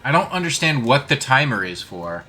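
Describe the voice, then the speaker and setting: A man's voice: medium pitch, very animated, normal speed, sharp tone, soft background music. A man giving casual, self-deprecating commentary while streaming a video game and greeting his chat.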